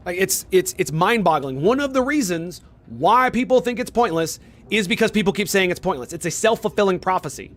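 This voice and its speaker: A man's voice: high-pitched, expressive, brisk, a bit bright. A young man streaming a game, arguing heatedly with his chat, swearing and firing off rhetorical questions. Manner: heated, profane ranting at chat; argumentative, fires rhetorical questions. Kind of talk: casual live-stream chat.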